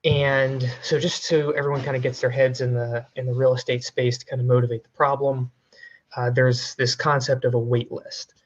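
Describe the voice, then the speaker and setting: Flat-voiced man on a dull call line. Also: mid-range voice, moderate pace. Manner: relaxed, many fillers. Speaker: financial analyst presenting a coding demo. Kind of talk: casual technical walkthrough.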